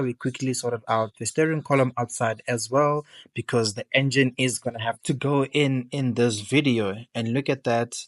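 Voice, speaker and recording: A man's voice: medium pitch, dry recording. A man narrates his car rebuild in a laid-back, chatty way, speaking straight to his viewers. His voice sits in a middle range. It is a close, dry voice-over recording. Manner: relaxed, chatty walkthrough, addressing viewers as guys.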